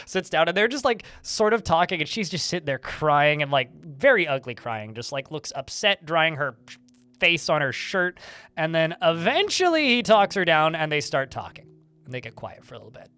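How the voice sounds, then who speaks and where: A man's voice: fairly high pitch, pushed and bright, dry recording. A man live-streaming a game, telling a rambling story in a chatty, casual way with mild swearing.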